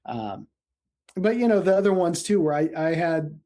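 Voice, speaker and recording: Mellow-voiced man telling stories. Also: on the high side, normal speed. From central Illinois, US. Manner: animated, laughs often, acts out quotes. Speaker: guest, paramedic and screenwriter. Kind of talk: casual storytelling interview.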